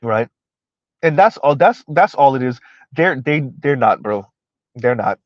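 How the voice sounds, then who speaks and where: Ranting and laughing a lot, a man under forty gives casual, emphatic, repetitive commentary on a live stream. He speaks expressively and without hurry in a medium pitch. The recording is dry, lo-fi, and slightly dull.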